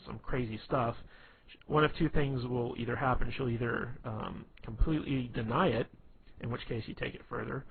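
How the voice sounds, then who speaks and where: A man explains dating tactics in a loose, rambling way, full of "um", "uh" and "you know". His voice sits at an ordinary middle pitch. It comes through thin and tinny like a phone line, with a faint hiss underneath. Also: steady tone, moderate pace, vocal fry. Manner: rambling, filler-heavy with many restarts and frequent "you know". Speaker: dating advice coach. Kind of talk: casual instructional talk.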